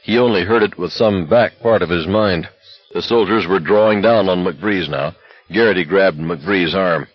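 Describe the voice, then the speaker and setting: Deep, husky male audiobook narrator. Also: moderate pace, dry recording, dull audio. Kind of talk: scripted novel narration.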